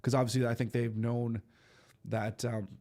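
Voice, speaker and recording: A man's voice: medium pitch, level tone, moderate pace, warm tone. Man, stuffy nose, casual livestream host, rambling, filler-heavy. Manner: rambling, loose, with many fillers and restarts. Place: home studio in eastern Canada.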